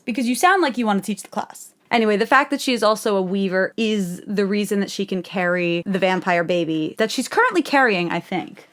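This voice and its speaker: A young woman talking through a book in a casual video essay at a mid-range pitch. She is sarcastic and exasperated, and her speech is full of "like". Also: animated, fast talker, hardly any pauses. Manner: sarcastic, exasperated, heavy use of "like". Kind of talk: casual commentary.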